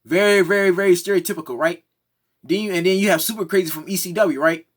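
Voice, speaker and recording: Brief: man, high-pitched, fired-up monologue, keeps asking "right?". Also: fast. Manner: heated, repeats "right?" and "come on now, man". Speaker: commentary vlogger. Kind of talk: opinionated monologue.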